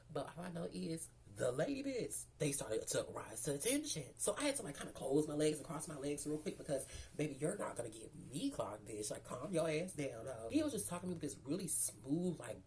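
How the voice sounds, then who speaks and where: Slight background noise sits under a deep, darkish female voice. She's a storyteller vlogger from Memphis, Tennessee, doing a casual storytime about her own life in a sassy, profane, chatty style and calling her audience girl and baby.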